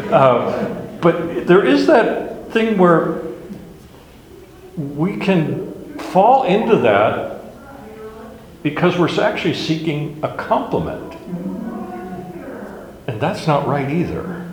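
A man teaching a casual Bible class in a wry, self-deprecating way, chuckling at his own jokes. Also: mid-range voice. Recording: echoey room with long reverb.

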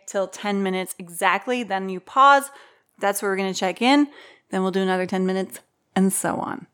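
A woman hosts a relaxed podcast conversation. She is organized and lays out the rules step by step. Her quick asides keep it light. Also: mid-range voice. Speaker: podcast host. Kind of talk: casual chat.

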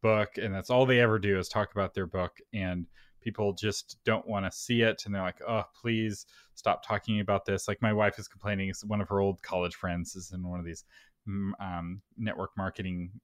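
A man's voice: sits low, level tone, a little fast, clear, resonant tone, dry recording, clean studio sound. A man co-hosting a casual podcast, chatty and curious, pressing for practical answers. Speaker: podcast co-host.

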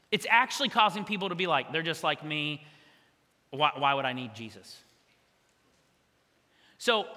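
A man preaching a sermon as pastor, conversational and energetic with quick asides to the congregation. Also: sits high. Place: church hall. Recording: long church hall reverb.

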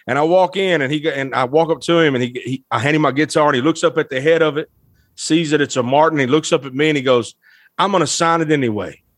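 A musician guest telling an animated, emotional anecdote, laughing often as he talks. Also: on the high side, quick pace, no echo, studio quality. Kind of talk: storytelling anecdote.

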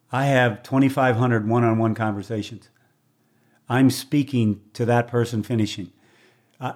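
A man's voice: medium pitch, darkish tone. A man, a race announcer, talking as a guest in an earnest, heartfelt way, often repeating words as he starts his sentences. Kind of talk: earnest conversational storytelling.

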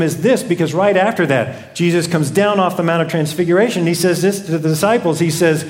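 A man's voice: fairly high pitch, brisk, a little mellow. A man preaching a sermon who tells stories and keeps asking rhetorical questions. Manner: storytelling, rhetorical repeated questions. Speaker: pastor. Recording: echoey room.

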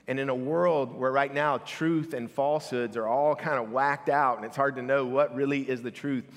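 A man's voice: mid-range voice, a bit bright. A man preaching an earnest, conversational sermon as a pastor to his congregation. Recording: long reverb of a church hall.

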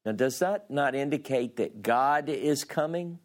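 A man teaching a Bible class at a slow, unhurried pace, his voice sitting in a middle register. He reads scripture aloud with rising, dramatic emphasis. Then he drops into a loose, conversational explanation, often restarting his sentences. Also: medium pitch, animated. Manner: slow and deliberate, with frequent restarts.

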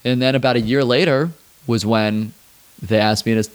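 A young adult man, a drummer and hairstylist, telling stories in a relaxed, rambling interview chat. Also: mid-range voice, normal speed, clear, resonant tone. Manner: relaxed, rambling, peppered with "like" and swearing. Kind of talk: casual interview storytelling.

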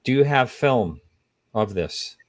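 A man's voice: mid-range voice, expressive, slow, dry recording, studio quality. A man hosting an interview, sympathetic and rambling, with many fillers as he asks his questions. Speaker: podcast host. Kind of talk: casual interview talk.

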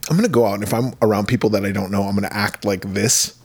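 A man's voice: fairly low pitch, racing, vocal fry, breathy edge. Swearing, storytelling male podcast co-host. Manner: swears often, laughs, animated storytelling. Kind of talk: casual chat.

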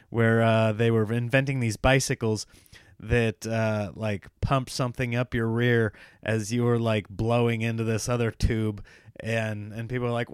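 American man, comedian, casual rant, sarcastic and animated, mid-pitched voice, dry close sound. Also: clear, resonant tone, no echo. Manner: sarcastic, animated, laughing at his own points. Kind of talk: casual ranting monologue.

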